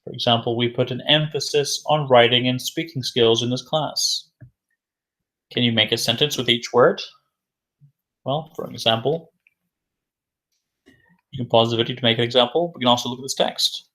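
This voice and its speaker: A man's voice: mid-range voice, fairly even intonation, moderate pace, long pauses, a bit bright. A man teaching an English vocabulary lesson who repeats key words and asks questions before answering them himself.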